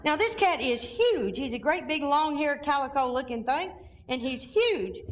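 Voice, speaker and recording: Folksy high-voiced woman storyteller. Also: normal speed, dull audio. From Arkansas, USA. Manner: animated, folksy, laughing often. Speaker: recovery convention speaker. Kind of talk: humorous personal storytelling to an audience.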